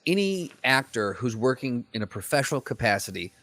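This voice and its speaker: A man co-hosting a podcast, animated and joking in casual chat. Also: medium pitch, fairly quick, dry recording. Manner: animated, joking, laughs often. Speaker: podcast co-host.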